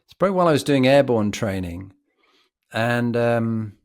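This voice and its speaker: Brief: posh British male guest, vivid anecdotal storyteller, mid pitch. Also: moderate pace. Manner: reflective, vivid, animated storyteller. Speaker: podcast guest.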